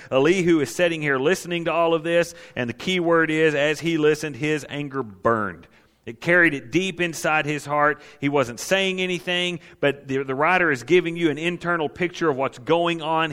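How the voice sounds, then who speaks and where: A man's voice: a little high, fairly bright tone. A man preaching a sermon on counseling, emphatic and repeating his key phrases for weight. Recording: long reverb of a large hall.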